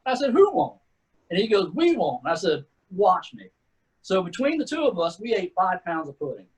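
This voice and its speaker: A middle-aged retired Army sergeant first class from Texas, appearing as a guest, swaps war stories in a relaxed, casual manner, tossing around "man" and "dude." His voice is high, sing-song, brisk and slightly rough, and the recording is rough.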